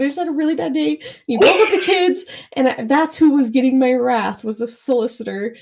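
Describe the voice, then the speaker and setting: A woman podcast co-host chats casually and tells stories with plenty of swearing. Her voice sits a little high and has a gravelly, creaky texture. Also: a little fast, a little mellow. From Utah, US. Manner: swears freely, storytelling. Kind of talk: casual chat.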